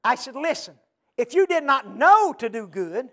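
A man preaching a chanted sermon, with a rhythmic sing-song delivery full of repeated refrains and breathy "uh"s. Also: very high voice, very animated, moderate pace, sharp tone.

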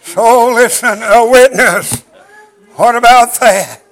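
An older man preaching a chanted sermon in a rhythmic, drawn-out cadence, out of breath and wheezy. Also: very high-pitched, a bit bright, low-quality recording.

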